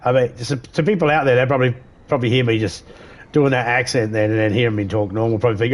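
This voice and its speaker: A man's voice: medium pitch, steady tone, fast talker. An Australian man chatting casually while streaming a game live, rambling easily and greeting viewers by name.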